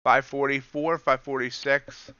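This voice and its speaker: A man's voice: mid-range voice, level tone, a little slow, bright, forceful tone, dry recording, highs cut off. A man hosting a live trading stream, chatting casually and self-deprecatingly while calling out prices as they move. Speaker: livestream host and futures trader. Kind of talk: casual live market commentary.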